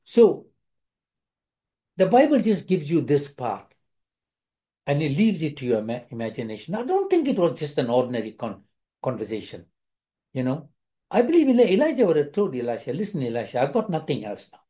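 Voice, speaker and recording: Animated preacher with a dark, mellow voice. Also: male voice, fairly high pitch, normal speed, pauses often. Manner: animated, repeats and restarts phrases, acts out quoted lines. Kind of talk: sermon.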